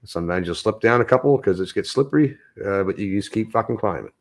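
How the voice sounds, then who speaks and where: A man's voice: fairly low pitch, animated, fast. A man chatting casually on a live stream, rambling and swearing often. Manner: rambling, swears a lot, gets anxious. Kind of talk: casual chat.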